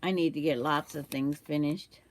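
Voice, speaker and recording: Older woman with the hiccups, a lowish voice, chatting casually as a sewing livestream host. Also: fairly even intonation, moderate pace. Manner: chatty, reads out viewer comments, hiccups.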